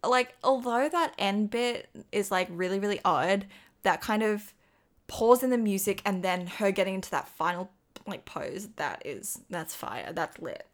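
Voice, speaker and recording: A young Australian woman co-hosting a casual commentary chat, slangy and quick to laugh. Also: mid-range voice, animated. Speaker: co-host.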